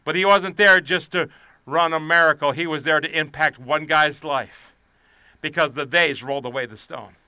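Male pastor, sermon delivery, high and very bright timbre, dry close sound, swings between shouting and hushed asides. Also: steady tone, moderate pace, clean tone, no echo. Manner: swings from shouted preaching to quiet, low confiding.

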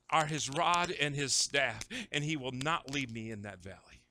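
A man preaching a sermon, shifting between conversational asides and shouted, dramatic retellings of scripture. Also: mid-range voice, lively intonation, normal speed. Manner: acts out scripture voices dramatically. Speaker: pastor.

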